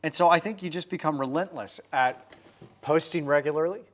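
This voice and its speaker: A man's voice: a little high, a little fast. A man in his forties hosting a livestream, painting while chatting upbeat and answering viewer comments.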